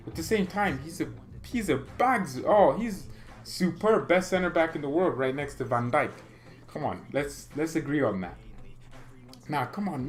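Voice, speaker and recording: A man hosting a fan channel stream, reading chat comments aloud and reacting with excitable, joking arguments and frequent laughter. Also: on the high side. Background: faint background music.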